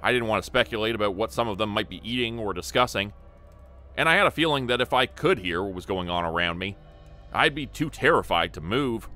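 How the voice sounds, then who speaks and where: Male storyteller, earnest first-person horror narration, bright voice, faint music bed. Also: fairly low pitch, expressive, fairly quick.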